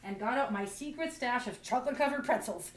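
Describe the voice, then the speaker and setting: A woman's voice: fairly high pitch, quick pace, crowd noise. Self-mocking woman comic in a roomy space. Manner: self-deprecating, rambling with many restarts. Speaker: stand-up comedian. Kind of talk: stand-up comedy storytelling. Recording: roomy, distant mic.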